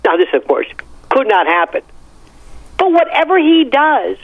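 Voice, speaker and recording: Theatrical male pundit, animated delivery, lo-fi dry line. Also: extremely high pitch, moderate pace, dry recording. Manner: wry, emphatic, theatrical. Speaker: legal and media analyst. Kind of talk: opinionated commentary, animated storytelling.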